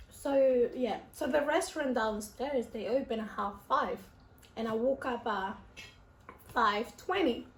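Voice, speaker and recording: Slow-talking high-voiced woman vlogger. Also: a little hiss or hum. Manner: emotional, chatty, repeats herself. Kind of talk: casual storytelling to camera. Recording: echoey room.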